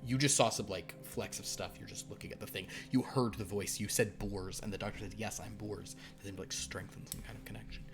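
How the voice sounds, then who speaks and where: A man narrating a horror tabletop game as game master, halting with fillers and dropping to hushed asides. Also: fairly low pitch, fairly even intonation. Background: background music.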